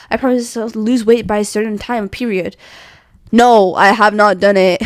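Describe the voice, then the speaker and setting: A woman's voice: medium pitch, darkish tone, no echo, studio quality. A young woman rambling in a casual rant from her bedroom, scattered and self-mocking, laughing and sighing between thoughts. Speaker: vlogger.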